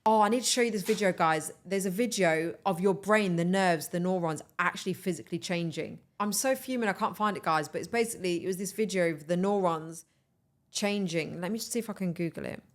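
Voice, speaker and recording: A young woman hosting a podcast, chatting in an animated, enthusiastic way and urging her listeners on. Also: fairly low pitch, fairly quick. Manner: animated, enthusiastic, talks straight to listeners as "guys". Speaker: podcast host. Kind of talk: casual motivational chat.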